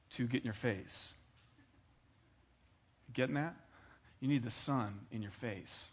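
A man preaching a sermon, moving between conversational storytelling and loud, emphatic exhortation, calling on his congregation to answer back. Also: mid-range voice. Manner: emphatic, engages the congregation with call and response. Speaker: pastor.

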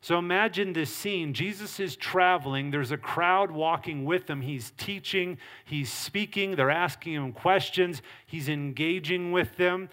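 A man's voice: a little high, a little slow, hardly any pauses, a bit bright. A middle-aged male pastor preaching a sermon, earnest and emphatic. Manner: earnest preaching with acted quotes and varied emphasis.

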